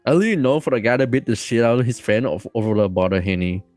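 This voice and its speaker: رجل يروي قصة بحماس وثرثرة. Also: male voice, medium pitch, racing, dry recording, faint music behind. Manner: rambling, excited, with many fillers and restarts. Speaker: podcast guest. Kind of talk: casual storytelling.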